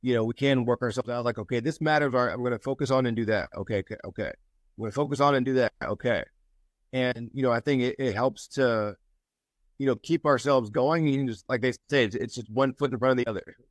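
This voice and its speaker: A man sharing encouragement and telling a story in a casual group call, lively when he quotes people. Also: mid-range voice, quick pace, no room sound. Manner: storytelling, animated when quoting others. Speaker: mastermind group member.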